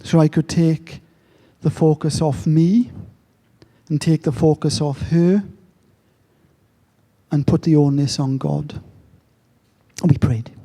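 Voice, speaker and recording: A middle-aged man tells a story at an unhurried pace, leaving long pauses between phrases. His voice sits a little high for a man, yet it sounds mellow and soft. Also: little pitch movement. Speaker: speaker telling a story. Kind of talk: slow, reflective storytelling talk.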